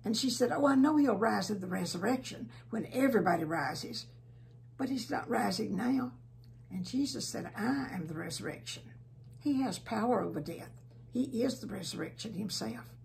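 A woman Sunday school teacher telling a Bible story to young children in a gentle storytelling manner, often dropping to a soft hush. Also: mid-range voice, lively intonation, moderate pace, vocal fry.

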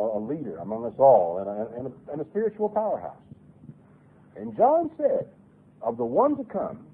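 Over lo-fi, phone-quality radio audio, a man reads scripture in an earnest sermon, his emphasis rising and falling. His voice sits at medium pitch and is slightly rough.

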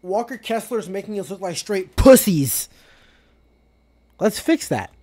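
A man hosting a live basketball reaction, talking to the players on screen and swinging from loud excitement to muttered asides. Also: sits high, unhurried. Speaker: sports reaction host. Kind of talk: live game reaction commentary.

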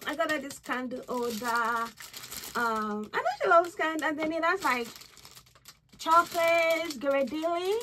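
A young woman chats through a casual haul vlog at home, her high voice swooping widely as she gushes. Her tone is bright and sharp, and she squeals with excitement. A faint hiss sits behind her. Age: young adult. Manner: bubbly, gushing, squeals with excitement. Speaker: vlogger.

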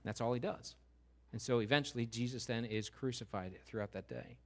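A man's voice: medium pitch, a little fast. Male pastor, mid-range voice, preaching with emphasis, repeats lines and asks the congregation questions. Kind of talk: sermon.

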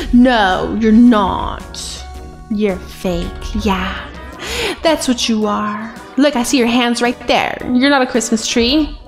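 Woman, high voice, unhurried, excitable and giggly, playful gameplay commentary. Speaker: gaming video creator.

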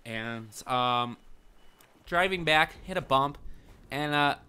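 A man's voice: mid-range voice, animated, takes it slowly, bright, forceful tone, clear, resonant tone. A young man rambling crudely in a casual vlog, joking and mocking himself. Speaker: YouTuber.

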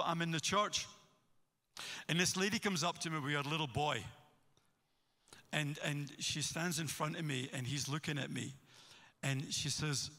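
A man with a Scottish accent, a pastor preaching a sermon and telling stories with animated energy. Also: on the high side, moderate pace, vocal fry, pauses often. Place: church hall. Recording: long hall reverb.

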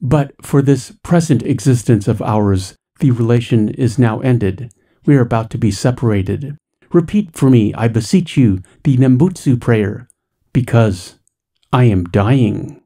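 A man voicing a gentle young female willow-tree spirit who pleads in a feeble voice. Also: mid-range voice, lively intonation, a little slow. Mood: pleading.

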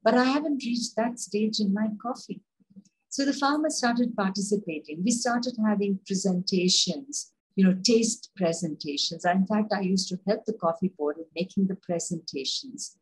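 An older woman with an Indian accent, a coffee expert telling lively stories in an interview. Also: mid-range voice, normal speed, breathy edge, low-quality recording. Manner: lively anecdotal, acts out dialogue. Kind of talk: conversational interview storytelling.

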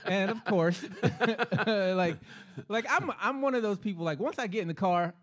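A man's voice: high-pitched, a little slow. A young adult man co-hosting a podcast, telling a story in loose, profane casual chat and laughing through it. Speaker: podcast co-host.

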